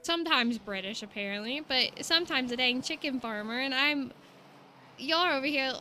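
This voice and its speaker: A woman's voice: high-pitched, normal speed, pushed and bright, slight background noise. A young woman, chatting casually and rambling to her stream viewers.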